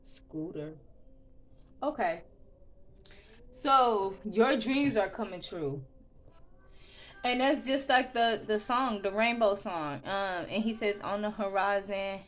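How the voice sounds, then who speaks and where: A woman's voice: medium pitch, lively intonation, takes it slowly, pauses often. Chatty woman tarot reader. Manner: chatty, loose, with frequent ums and restarts; soft murmured prayer. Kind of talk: casual tarot reading.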